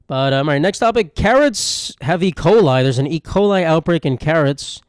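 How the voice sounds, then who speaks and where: A man's voice: a little high, lively intonation, normal speed, clean tone, dry recording. Dry-sounding young man riffing irreverently. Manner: rambling, irreverent, self-mocking asides. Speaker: podcast host. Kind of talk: solo comedic podcast monologue.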